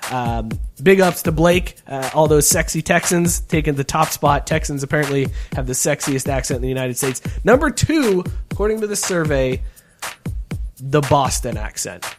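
A man's voice: on the high side, moderate pace, soft background music. Joking male sports radio co-host. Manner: joking, animated, laughs often. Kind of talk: casual sports radio banter.

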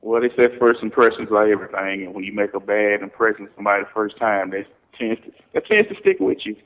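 A man co-hosting a radio chat, adding calm agreeing remarks. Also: fairly low pitch, fast talker. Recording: tinny phone-line sound.

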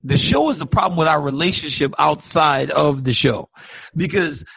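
A man co-hosting a casual sports talk show, animated and mock-indignant. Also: a little high, normal speed, vocal fry, breathy edge, no room sound, rough recording. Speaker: co-host. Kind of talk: casual chat.

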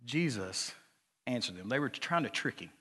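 A man preaching a sermon as pastor, moving from quiet, low talk to loud, high-pitched exhortation. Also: animated, moderate pace, breathy edge. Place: church sanctuary. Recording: church hall reverb.

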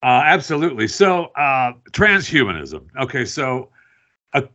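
A man's voice: mid-range voice, big pitch swings, moderate pace, bright, forceful tone, lo-fi sound. A man hosting a radio talk show, interviewing an author in a loose, rambling way with many fillers and restarts. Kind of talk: casual interview chat.

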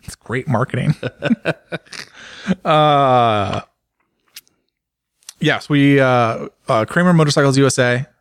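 A man's voice: mid-range voice, slow pace, long pauses, clean tone, no echo, studio quality. A man co-hosting a podcast, joking and rambling through casual chat with plenty of fillers. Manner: jokey, rambling, lots of fillers. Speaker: podcast co-host and motorcycle racer.

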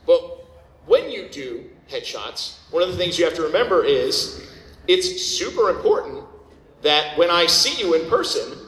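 A man's voice: fairly high pitch, fairly bright tone. Blunt man lecturing in an echoey hall. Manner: casual, blunt, keeps checking in with the audience. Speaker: voice actor giving audition advice. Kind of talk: convention panel talk. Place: convention panel room.

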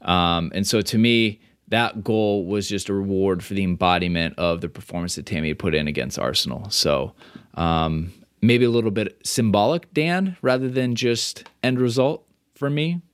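A man hosting a casual podcast, talking energetically with fillers and quick restarts. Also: lowish voice, clear, resonant tone, dry recording, clean studio sound. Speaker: podcast host. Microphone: remote call microphone.

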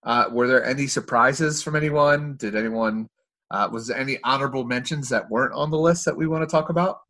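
Man, podcast host, bright forceful tone, casual and jokey. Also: mid-range voice, a little fast. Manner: loose, jokey, stumbles over his words. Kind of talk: casual sports podcast chat.

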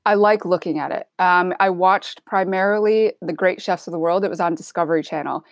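A woman from Michigan, with a half Midwestern accent, speaks in a lowish voice at a brisk pace on a dry recording. She's a chef guest in an interview, talking casually and candidly. Her manner is relaxed and chatty, full of filler words.

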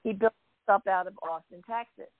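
A woman tells stories in an easy, chatty way, acting out what people said and clearing her throat now and then. Her voice comes over a thin, phone-like line, with no room sound around it. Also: medium pitch, brisk, dry recording. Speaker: guest wrestling fan. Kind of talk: casual storytelling chat. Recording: tinny phone line, dry.

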